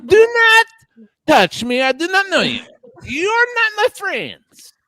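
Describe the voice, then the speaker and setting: Man doing a snooty female cat, high-pitched, disdainful, clipped, dry close sound. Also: wildly swooping pitch, takes it slowly, pushed and bright, no echo, heavily acted. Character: haughty female house cat, standoffish. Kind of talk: pet voice bit on a livestream.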